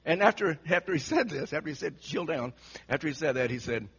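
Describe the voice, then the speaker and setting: A man preaching an animated sermon, telling the story dramatically and acting out the quotes with frequent laughter. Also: a little high, fast, husky. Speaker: pastor. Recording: muffled lo-fi recording.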